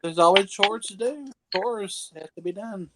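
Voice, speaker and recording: A man's voice: sits high, normal speed. A man from Minnesota chiming in with jokey asides in a casual chat. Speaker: chat guest.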